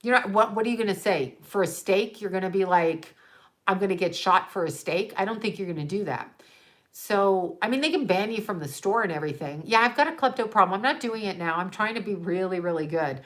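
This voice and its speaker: A woman's voice: medium pitch, expressive, fairly quick, a bit bright. A woman from Canada chatting casually on a livestream, ranting and wandering between topics while answering viewers. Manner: ranting, digressive, chats with viewers. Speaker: livestream host. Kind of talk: casual rambling chat.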